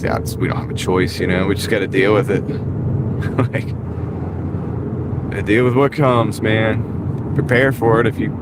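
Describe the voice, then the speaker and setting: A man's voice: on the low side, heavy background noise. A young man with a Southern US accent chatting casually on a livestream while driving deliveries, rambling and saying "like" and "dude" a lot, recorded in his van on a clip-on mic. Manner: rambling, says "like" and "dude" often. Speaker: delivery driver streaming. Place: inside a van. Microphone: wireless clip-on mic.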